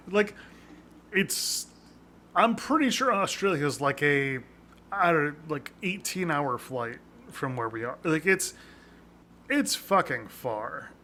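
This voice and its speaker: Man, casual podcast chat, bright forceful voice, slightly high, rambling with laughs. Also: very animated, slow pace, pauses often, slight background noise. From North America. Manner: rambling, laughing, lots of fillers. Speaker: podcast co-host.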